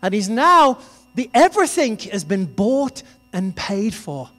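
A man's voice: sits high, very animated, a little slow, a bit bright. A man preaching a sermon in a conversational, storytelling way. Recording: reverberant hall with music behind.

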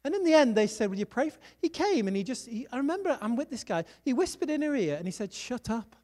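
A preacher delivering a sermon, telling personal stories and urging listeners on with quick asides. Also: high-pitched, big pitch swings, warm tone. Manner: exhorting, storytelling, quick asides.

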